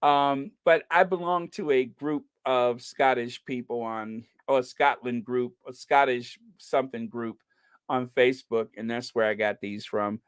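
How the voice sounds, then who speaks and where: Slow, chatty livestream host from the US. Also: mid-range voice, steady tone, clear, resonant tone, dry recording, studio quality. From United States. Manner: chatty, giggles at own jokes. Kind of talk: casual livestream chat.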